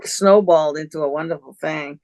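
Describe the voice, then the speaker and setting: A woman's voice: low voice, fairly quick, a little mellow, dry recording, clean studio sound. A woman artist, a podcast guest, chatting casually and recalling old times with a friend. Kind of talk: casual conversational interview.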